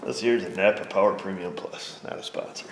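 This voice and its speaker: A man's voice: low voice, steady tone, fairly quick, heavy background noise. A man working as a mechanic, rambling and joking to himself as he talks through a repair in his shop, sometimes dropping to a whisper up close. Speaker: auto mechanic. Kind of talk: casual work narration. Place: auto repair shop bay.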